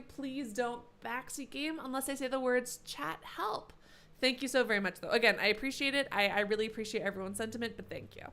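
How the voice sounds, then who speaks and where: A young adult woman live streaming a video game, chatting casually with sarcastic, animated rants. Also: fairly high pitch. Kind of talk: casual chat while gaming.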